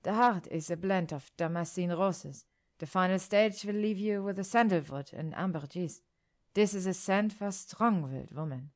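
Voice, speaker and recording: A woman's voice: lowish voice, moderate pace, natural voice. A woman voicing a poised perfumer with a Spanish-tinged accent.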